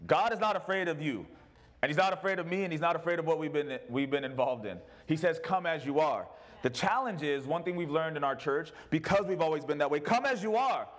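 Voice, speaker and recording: A man's voice: fairly high pitch, fast talker, a bit bright. A male pastor preaching a sermon in an emphatic, repetitive way.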